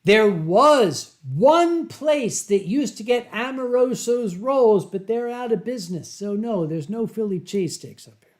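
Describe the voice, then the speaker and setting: A man from Pennsylvania hosting a casual livestream from home, reading viewer comments and telling stories with drawn-out dramatic emphasis into a webcam mic. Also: high voice, animated. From Pennsylvania, USA. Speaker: livestream host.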